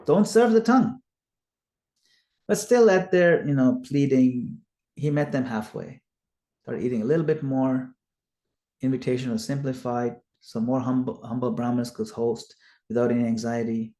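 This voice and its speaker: A man teaching a scripture study and retelling the story as an animated storyteller who acts out the quotes. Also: medium pitch, normal speed. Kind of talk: storytelling lecture. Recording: echoey room.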